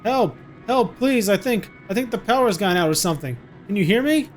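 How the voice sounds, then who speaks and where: A man voicing a frightened young mother who talks to her little son in a hushed, soothing way, reading game dialogue aloud. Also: medium pitch, fairly quick, soft background music, lightly acted. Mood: frantic shouting. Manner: hushed and soothing, coaxing a child.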